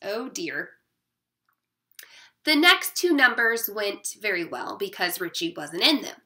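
A woman's voice: medium pitch, very animated, moderate pace, bright, forceful tone. A woman teacher reading a children's story aloud expressively, with short asides to her listeners.

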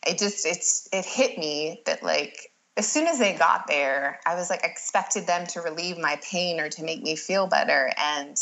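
A woman who works as a doula tells her own birth story in a casual, lively way, often saying "like" and acting out what she said at the time. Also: on the low side, measured pace, hardly any pauses, low-quality recording. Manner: lively, acts out her own past lines, frequent "like".

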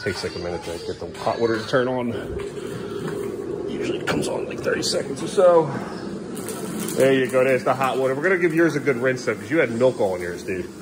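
A man's voice: mid-range voice, big pitch swings, a little fast, noisy background. A middle-aged man, a father filming a home vlog, exasperated and scolding as he keeps repeating commands to his kids. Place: family home, indoors and yard.

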